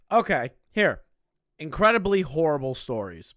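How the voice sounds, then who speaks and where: A man's voice: a little high, big pitch swings, unhurried, fairly bright tone, no room sound, studio quality. A man giving sarcastic, mocking reaction commentary, swearing freely as he reacts to a video. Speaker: reaction streamer.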